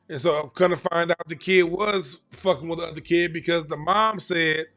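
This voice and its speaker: A man telling a story in a casual, profane, animated way about crisis work. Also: fairly high pitch, normal speed, hardly any pauses, faint music behind.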